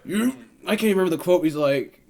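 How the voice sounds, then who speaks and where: A man's voice: sits high, lively intonation, fast talker, crowd noise. Rambling man recapping a movie. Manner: rambling, acts out movie scenes in silly put-on voices. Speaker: podcast co-host. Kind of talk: casual movie recap chat.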